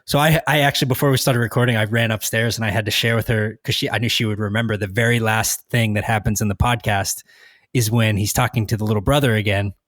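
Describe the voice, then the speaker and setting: A man's voice: on the low side, steady tone, fast talker, fairly bright tone, no echo, clean studio sound. A man hosting a podcast in casual chat, rambling with many restarts and fillers. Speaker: podcast host.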